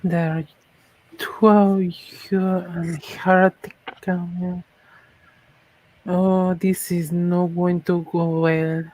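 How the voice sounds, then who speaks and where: A player in a tabletop role-play game, speaking slowly and deliberately and asking many questions. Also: mid-range voice, flat delivery, darkish tone, dry recording, rough recording. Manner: slow, deliberate, asks questions.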